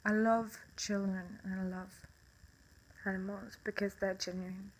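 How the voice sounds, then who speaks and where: A woman's voice: medium pitch, flat delivery, measured pace, a little hiss or hum, rough recording. A young woman with a Swedish accent, speaking English in a casual monologue to camera, passionate and blunt, swearing often and breaking into bitter laughs.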